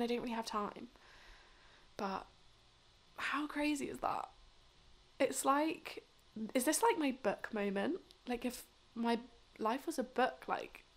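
Creaky-voiced young woman vlogging. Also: on the high side. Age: 20s. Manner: rambling, lots of fillers. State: drunk and tired late at night. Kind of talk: casual chatty storytelling.

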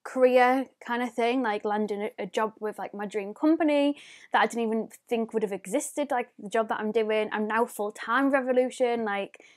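A woman's voice: on the high side, fairly even intonation, moderate pace. A woman, chatting casually and rambling as a beauty vlogger showing off her presents. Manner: chatty, rambling, lots of "like" fillers. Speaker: beauty YouTuber. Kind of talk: casual unboxing vlog.

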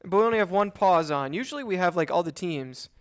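A man's voice: sits high, expressive, quick pace, clear, resonant tone. A young man co-hosting a casual live Minecraft stream, playful and rambling with restarts. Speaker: co-host of a Minecraft channel.

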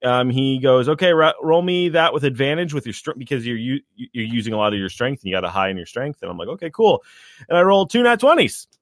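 A man telling a tabletop game story in a casual chat, animated and acting out his character's shouted lines. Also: medium pitch, quick pace, no echo, studio quality.

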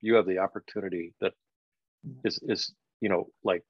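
An older man, a guest on a podcast, telling a personal story in a reflective, halting way with many "you know"s. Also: low-pitched, steady tone, husky, no room sound. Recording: dull, dry lo-fi sound.

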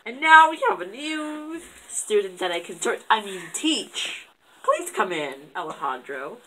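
A woman's voice: mid-range voice, very animated, measured pace, sharp tone, low-quality recording. A woman voicing a mean, sarcastic male schoolteacher who sneers at his class. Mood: sneering. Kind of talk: fan puppet comedy acting.

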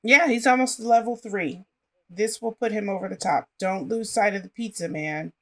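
A woman's voice: medium pitch, moderate pace. A woman casually commenting on her life-simulation gameplay and chatting to her characters as she plays. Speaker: gaming channel host.

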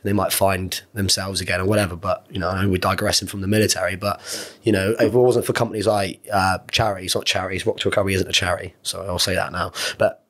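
A man's voice: low-pitched, flat delivery, fast, hardly any pauses, a bit bright. A man, an ex-Marine in his thirties, talking openly and at length as a podcast guest, rambling and earnest with some swearing. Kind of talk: candid conversational interview.

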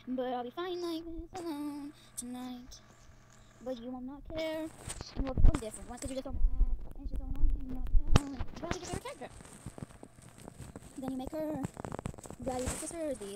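A woman's voice: high-pitched, brisk. A woman narrating a playful character-making video with dramatic, squealing exclamations and silly repetition. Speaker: video creator. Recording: loud background noise with clicks.

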